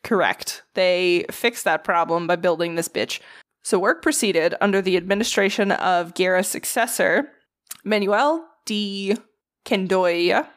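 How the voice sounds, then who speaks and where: Speaking a little slowly in a medium pitch, this weary podcast co-host has a Southern accent. Her fact-reading is profane and jokey, and names keep tripping her up.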